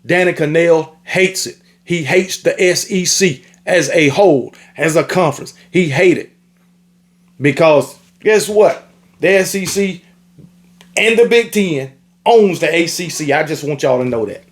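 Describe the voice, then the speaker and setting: A man with a notably high voice rants at rival fans. He scolds and repeats himself, swearing freely in a loose monologue. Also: measured pace. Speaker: sports commentator. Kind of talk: ranting sports opinion monologue.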